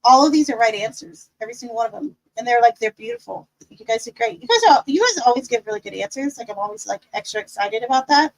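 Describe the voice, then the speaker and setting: Upbeat high-voiced woman teaching tarot. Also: lively intonation, fast, hardly any pauses, rough recording. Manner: upbeat, encouraging, chatty with fillers. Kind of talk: casual live-stream class.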